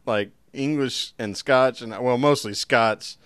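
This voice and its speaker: Co-host, easy banter. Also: male voice, medium pitch, takes it slowly, fairly bright tone, clear, resonant tone, no room sound. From Southern US. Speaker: podcast co-host. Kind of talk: casual podcast chat.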